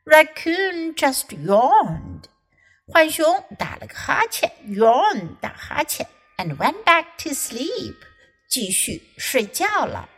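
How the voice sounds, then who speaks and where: Casting: woman, high and animated, unhurried storybook reader with an American English accent. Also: soft background music, poor audio. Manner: expressive, lively storyteller. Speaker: English teacher. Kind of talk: storybook reading with Mandarin explanations.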